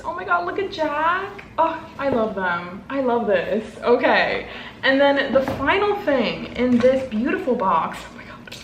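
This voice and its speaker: A woman in her twenties, a book vlogger, gushing and gasping with excitement as she unboxes gifts. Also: high-pitched, reverberant, a little hiss or hum.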